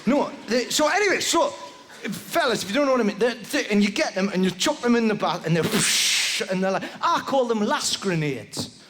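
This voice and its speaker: A man's voice: sits high, normal speed, in a large hall. A male stand-up comedian telling a rambling story live on stage, tagging lines with "right?". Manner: rambling, animated storytelling with constant "right?" tags. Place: live comedy venue with audience. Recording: live venue with background noise.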